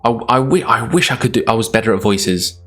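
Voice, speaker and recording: A man's voice: fairly low pitch, a little fast, a bit bright, soft background music. A Scottish man streaming live, reading a gamebook aloud in a chatty, self-deprecating way, laughing often.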